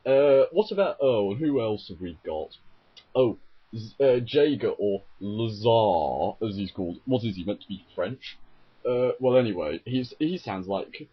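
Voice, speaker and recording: A man rants about an anime dub, exasperated and sarcastic. His low, husky voice swings widely in pitch. The home recording sounds dull and lo-fi. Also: lively intonation, a little slow. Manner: exasperated, sarcastic, frequently self-correcting. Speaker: YouTuber reviewing an anime dub. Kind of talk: ranting video commentary.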